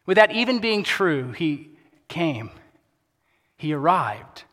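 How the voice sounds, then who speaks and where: A pastor preaching a sermon in a casual, conversational way, dropping to a soft, quiet voice for emphasis. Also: male voice, on the high side, very animated, slow pace. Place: church sanctuary. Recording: long hall reverb.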